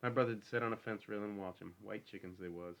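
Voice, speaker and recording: Man voicing a stable hand, older, lonely, bitter, needling, rural drawl, very deep voice. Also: flat delivery, fast talker. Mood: lonely, wistful. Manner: brooding, needling, rural dialect.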